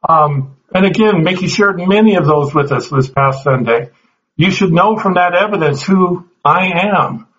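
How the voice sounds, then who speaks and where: A man's voice: sits high, moderate pace, fairly bright tone, muffled recording. A man teaching a Bible class, earnest, often restarting his words and putting questions to the group.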